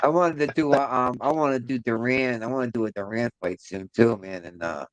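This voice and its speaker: A man's voice: mid-range voice, fairly quick, dry recording. A man co-hosting a podcast in casual chat, blunt and profane, often repeating "yeah.". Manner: blunt, profane, repetitive affirmations. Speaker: podcast co-host.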